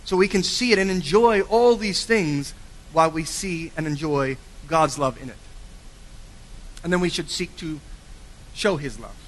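A man preaching a sermon with earnest emphasis, swinging from forceful lines to quiet, low endings. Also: measured pace, pauses often. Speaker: pastor. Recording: long hall reverb.

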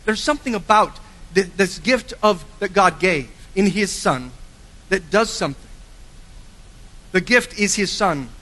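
A man preaching a sermon with earnest emphasis, swinging from forceful lines to quiet, low endings. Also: expressive, unhurried, pauses often. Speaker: pastor. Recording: long hall reverb.

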